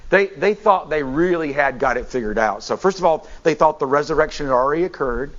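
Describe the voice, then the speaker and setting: A bishop preaching a sermon, his fairly high voice animated and full of restarts and repeated words. The sound is dull and lo-fi, as if heard through a muffled recording. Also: a little fast.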